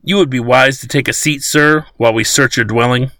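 A man voicing a rough, mocking junior government agent. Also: medium pitch, fairly even intonation, fairly quick, sharp tone, dry recording, clean studio sound, natural voice. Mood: sneering.

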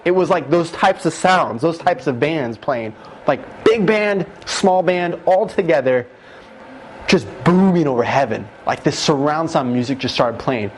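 A man giving an emotional testimony as a guest, retelling it with excited, animated emphasis that jumps up at key moments. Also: on the high side, a little slow, slight background noise.

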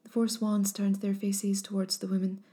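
Mellow woman narrating an old legend. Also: mid-range voice, flat delivery, normal speed. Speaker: storyteller.

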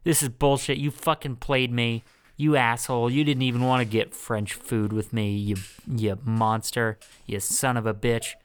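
A man's voice: mid-range voice, level tone, normal speed, clean tone, lightly acted. A man voicing a jilted teenage boy in a swearing, self-pitying rant.

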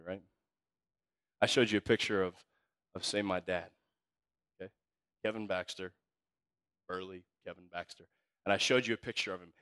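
A man preaching a sermon as pastor, telling stories in a casual, slangy way and swinging from hushed to loud. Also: on the low side, no room sound.

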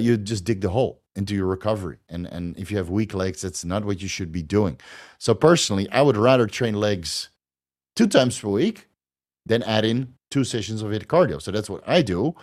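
Guy w a lowish voice ranting casual answers, lots of uh and right, swears a bunch. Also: a little mellow. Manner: blunt, profane, rambling with fillers and restarts. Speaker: host answering viewer questions. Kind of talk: casual Q&A monologue.

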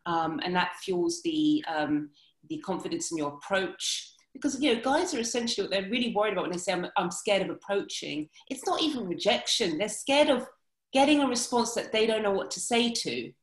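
An animated woman talks in a casual podcast conversation, a dating coach explaining her approach. She jumps in with quick asides and restarts her sentences often. The room around her sounds roomy and echoey. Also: mid-range voice.

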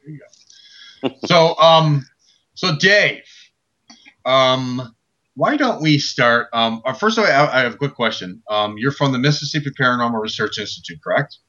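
A chatty male radio host from Chicago who jokes around and talks in a loose, rambling way. His voice is bright and forward, and the broadcast sound is dull and lo-fi. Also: medium pitch, expressive, moderate pace. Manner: loose, chatty, joking, many fillers. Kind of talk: casual radio interview.

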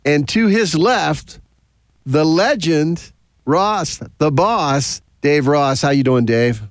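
A man's voice: fairly high pitch, lively intonation, slow, no room sound, clean studio sound. Easygoing man hosting sports radio. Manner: easygoing, rambling with many fillers. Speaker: radio show host. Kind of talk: casual sports radio chat. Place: radio studio.

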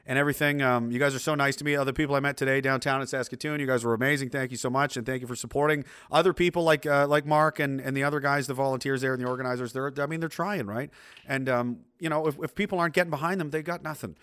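A man's voice: mid-range voice, steady tone, fast, a bit bright, clear, resonant tone, dry recording. A man hosting a casual livestream, talking in a rambling way with many restarts. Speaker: livestream host.

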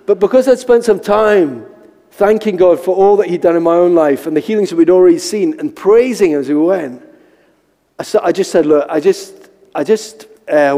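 A man preaching in a reverberant church hall, with a slightly high voice that rings out in the long reverb. He tells stories and mimics the people in them, and puts on a squeaky high voice for his own lines. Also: mellow. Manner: storytelling, acting out quotes with high squeaky voice for himself. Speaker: pastor. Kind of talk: sermon with personal stories.

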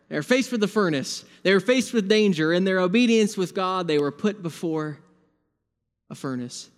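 High-voiced preacher in a reverberant hall. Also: male voice. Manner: conversational preaching, building emphasis with repeated phrases. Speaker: pastor. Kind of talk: sermon. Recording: long reverb of a large hall.

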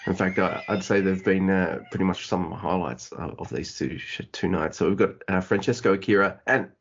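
A man co-hosting a casual podcast review, talking in a laid-back, halting way with many fillers. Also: low voice, gravelly, husky, highs cut off. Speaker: podcast co-host. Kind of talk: casual wrestling review chat.

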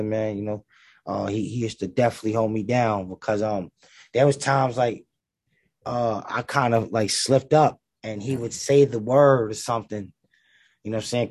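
A man with a gravelly voice, a rapper talking in a casual interview, laid-back and full of slang and fillers. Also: medium pitch, darkish tone, no room sound.

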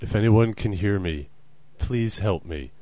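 A man's voice: lowish voice, measured pace, warm tone, no room sound. A young man co-hosting a comedy podcast, dry and exasperated. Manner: theatrical, sing-song intro then dry exasperation. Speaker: podcast co-host. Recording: music bed behind.

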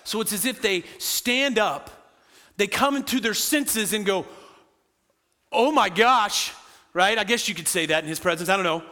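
A man preaching a sermon to his congregation, animated and full of quick asides to the listeners, recorded in a church sanctuary. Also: sits high, in a large hall. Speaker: pastor.

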